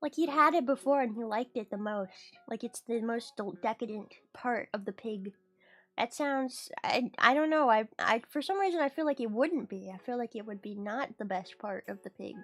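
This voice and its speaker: A woman's voice: fairly high pitch, lively intonation, moderate pace, faint music behind. A woman streamer chatting casually with her viewers, rambling and giggly. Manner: rambling, giggly, talks to chat. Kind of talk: casual livestream chat.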